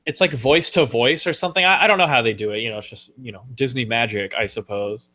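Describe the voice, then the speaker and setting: A man hosting a casual podcast chat, playful and animated, slipping into quick silly voices from films. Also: mid-range voice. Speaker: podcast host.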